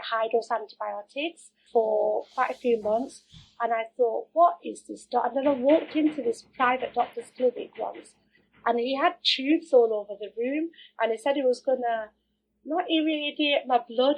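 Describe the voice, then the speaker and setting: A middle-aged woman telling her own story as an interview guest, candid and animated, acting out the things people said to her. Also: fairly high pitch, moderate pace, slight background noise, low-quality recording. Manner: candid, animated, acts out quoted remarks.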